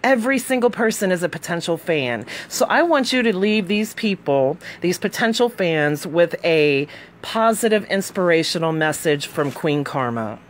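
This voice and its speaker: A woman with a rural Southern accent hosting an interview, chatting warmly and calling her guest sweetie. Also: fairly low pitch, animated, moderate pace, slight background noise. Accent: Southern US, rural Appalachian. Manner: affectionate, calls guests sweetie. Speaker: radio show host. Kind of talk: casual interview chat.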